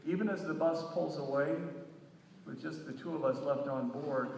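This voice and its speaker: A man giving an animated live reading of a short story, now and then shouting quotes in a sing-song voice. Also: fairly high pitch, moderate pace, a little hiss or hum. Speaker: reader. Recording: echoey hall, recorded from far off.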